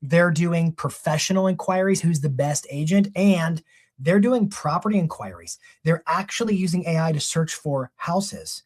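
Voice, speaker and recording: A man giving a live real estate marketing training, energetic and conversational, often correcting himself mid-sentence. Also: a little high, normal speed.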